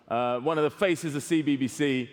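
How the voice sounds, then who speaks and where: A man's voice: a little high, moderate pace. A man hosting an awards ceremony on stage, joking, rambling and laughing at his own jokes. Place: large hall with live audience. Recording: long hall reverb, audience noise.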